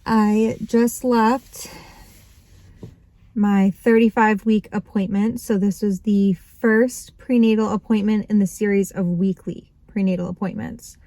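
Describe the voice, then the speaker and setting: A woman's voice: mid-range voice, fairly even intonation, moderate pace, hardly any pauses, warm tone, no echo, poor audio. A young woman vlogging right after a medical appointment, upset and close to tears, laughing nervously as she talks. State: tearful. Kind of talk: emotional personal vlog.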